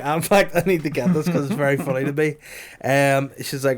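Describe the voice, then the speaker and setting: A man's voice: mid-range voice, moderate pace. A young man, co-hosting a podcast in loose, sweary banter, laughing often and mimicking voices. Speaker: podcast co-host. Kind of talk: casual banter.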